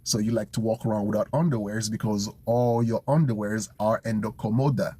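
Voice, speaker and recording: A man studying vocabulary out loud, thinking aloud, repeating words and making up memory tricks in a casual chat. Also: on the low side, steady tone, fairly quick, breathy edge. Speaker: language learner streaming his study session.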